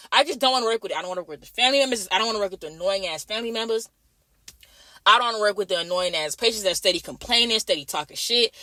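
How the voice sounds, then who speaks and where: A young woman nurse rants fast in a vlog, blunt and full of swearing. Her voice is bright and sharp, and she repeats lines over and over. The sound is dry and close. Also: on the high side, no room sound. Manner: blunt, repetitive, heavy swearing. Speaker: night-shift nurse. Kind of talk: profane ranting vlog.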